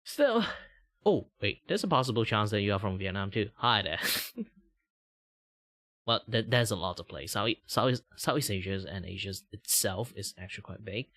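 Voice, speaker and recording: A man from Malaysia hosting a casual live stream. His low voice swings widely, with frequent laughs and sudden high exclamations, heard close and dry on a desk mic. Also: normal speed, no room sound. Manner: animated, laughs often, jumps into high exclamations. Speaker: streamer and host. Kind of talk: casual livestream chat.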